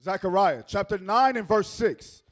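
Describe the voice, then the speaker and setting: Male scripture reader, high-pitched, deferential, plain reading. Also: lively intonation, measured pace. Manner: deferential, addresses the preacher as sir.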